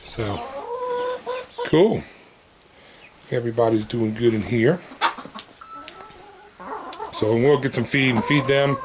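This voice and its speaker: A man giving a relaxed, chatty walk-through of his farm, talking fondly to his chickens as he feeds them. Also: mid-range voice, slow pace, pauses often, background noise. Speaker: homesteader showing his farm. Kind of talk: casual walk-through vlog. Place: outdoors on a farm, in and around a chicken coop. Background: chickens clucking and a rooster.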